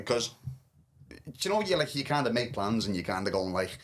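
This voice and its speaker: A man with a fairly low voice speaks fast in a candid podcast chat. His telling is earnest and emotional, full of restarts as he works through a personal story. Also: big pitch swings, a little hiss or hum.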